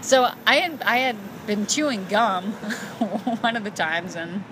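A woman's voice: medium pitch, takes it slowly, background noise. A woman from the United States co-hosting a podcast, telling stories in a candid, joking casual chat and laughing often. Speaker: podcast co-host.

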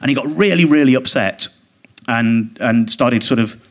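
A male comedian talks a live podcast audience through a long, indignant anecdote on a theatre stage. His voice sits at an ordinary middle pitch. He rambles, restarts and mimics the people in his story. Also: moderate pace. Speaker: comedian guest.

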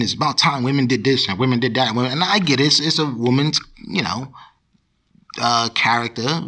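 A man's voice: mid-range voice, pushed and bright. A man hosting a podcast, ranting in casual, profane commentary, with many repeats and restarts. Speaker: podcast host.

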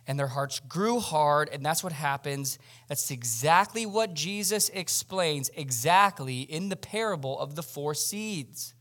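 A man's voice: fairly high pitch, a bit bright. A male pastor preaching a sermon at a church service in a conversational style, speaking directly to the congregation.

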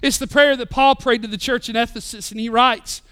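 A man in his thirties, a pastor preaching a sermon with passion, rising loud and dropping soft. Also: very high-pitched, steady tone, brisk, clear, resonant tone. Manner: impassioned, swings between loud and soft. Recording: live church sermon podcast.

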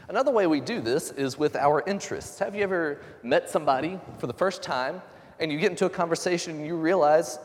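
A man pastor giving a conversational sermon, relaxed and joking with lively asides. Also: mid-range voice, fairly quick. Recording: long hall reverb.

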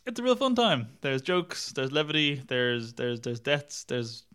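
A man's voice: medium pitch, very animated, unhurried, a bit bright, clean tone. Wry rambling man in casual chat. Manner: rambling, wry, laughs at his own jokes, swears. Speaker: podcast film reviewer.

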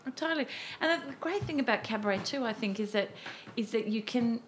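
A woman, a cabaret performer, chatting as a guest and telling animated stories about her career. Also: a little high, fairly quick, a little hiss or hum. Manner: animated, storytelling, acts out her past self. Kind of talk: casual chat.

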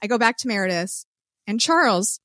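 A woman co-hosting a podcast, telling a story in animated casual chat, cursing freely and acting out what people said. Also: medium pitch, brisk, dry recording, studio quality. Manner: animated storyteller who swears and acts out quotes. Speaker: podcast co-host.

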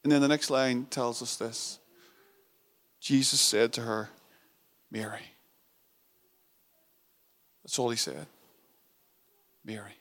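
Earnest male preacher with soft hushes. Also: mid-range voice, steady tone, moderate pace, few pauses. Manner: earnest and intimate, dropping to a soft hush on tender moments; repeats phrases for emphasis. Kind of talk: sermon.

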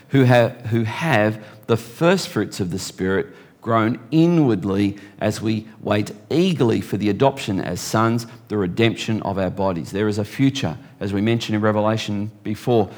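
A man preaching a sermon, reading scripture slowly and deliberately and slipping in joking asides. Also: medium pitch.

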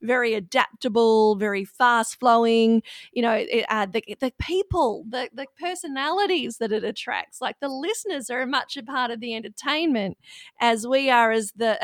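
A woman's voice: a little high, no room sound, studio quality. A woman co-hosting an interview, speaking reflectively about radio. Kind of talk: conversational interview.

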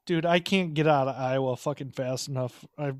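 A man's voice: mid-range voice, moderate pace, no room sound, studio quality. A man hosting a podcast in casual chat, laid-back, laughing often and swearing freely. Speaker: podcast host.

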